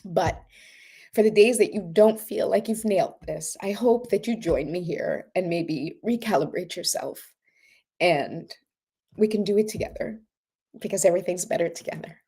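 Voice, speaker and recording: A woman's voice: on the low side, moderate pace, dark tone, slightly rough. A woman hosting a live oracle card show, talking earnestly and tearfully in a casual, rambling way, then leading a breathing exercise. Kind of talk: casual livestream talk and guided breathing.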